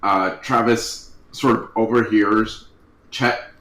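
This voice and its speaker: A man playing a tabletop game, speaking in a hesitant, deliberate way. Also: on the low side, fairly even intonation, a bit bright, reverberant, rough recording. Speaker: player.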